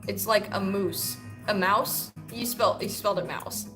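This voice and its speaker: A woman's voice: medium pitch, unhurried, over music. A woman from the United States hosting a casual livestream, answering chat comments in a loose, profane, joking way. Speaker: livestream host.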